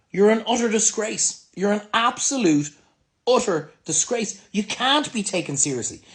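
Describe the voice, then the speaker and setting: An angry, sweary man with an Irish accent, a restaurant owner ranting bluntly to camera in a vlog monologue. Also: on the high side. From Ireland.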